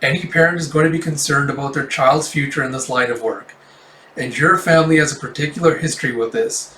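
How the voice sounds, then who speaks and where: A man's voice: on the high side, brisk, bright, forceful tone, roomy sound, recorded from a distance, low-quality recording. A man voicing a flustered rakugo master who rehearses overly sweet greetings. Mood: stern. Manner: theatrical, overly sweet address.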